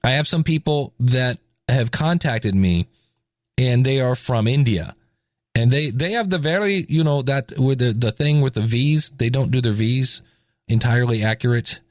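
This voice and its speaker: A man's voice: medium pitch, normal speed, no room sound, studio quality. A man hosting a podcast, talking casually and animatedly with jokes and asides. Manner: animated, chatty, joking. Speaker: podcast host.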